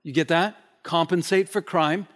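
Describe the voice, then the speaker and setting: Male pastor, somewhat high voice, emphatic sermon delivery with repeated phrases. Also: steady tone, moderate pace. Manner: emphatic, repeats key phrases, swings from loud to hushed.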